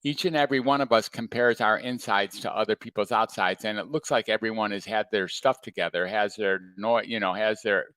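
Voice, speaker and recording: A man, a former psychiatrist now working as a coach, giving a calm and reflective talk to an audience. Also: lowish voice, brisk, hardly any pauses, clean tone, no room sound.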